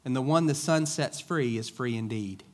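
A man's voice: medium pitch, normal speed. Casual, joking middle-aged male pastor. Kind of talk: conversational sermon. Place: church sanctuary.

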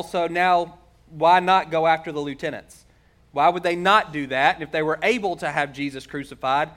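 This is a middle-aged man delivering a sermon, his voice sitting a little higher than most men's. He preaches in an earnest, conversational way and slows down to lean on the points he wants to land. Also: fairly bright tone. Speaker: pastor.

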